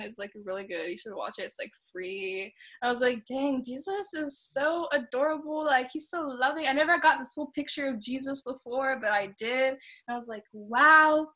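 A young woman giving a rambling personal faith testimony on a video call, chatty and quick to laugh. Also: a little high, fairly bright tone. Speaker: testimony speaker.

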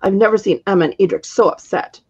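A woman reading aloud, voicing a younger witch who is loud, chatty and gushing. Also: mid-range voice, quick pace, husky, muffled recording.

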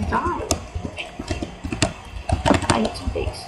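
High voiced girl chatting thru a let's play, slow and easygoing, pokes fun at herself, lots of hiss on the mic. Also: steady tone, vocal fry. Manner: chatty, self-mocking, quick exclamations. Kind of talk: casual gameplay commentary. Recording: noisy homemade mic recording.

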